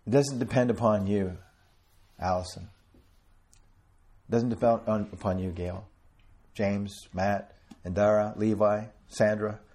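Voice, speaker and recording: A man preaching an earnest sermon to a small congregation, quoting scripture and slowing down to stress key words. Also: fairly low pitch, steady tone, dark tone. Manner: quotes King James scripture with a chuckle between.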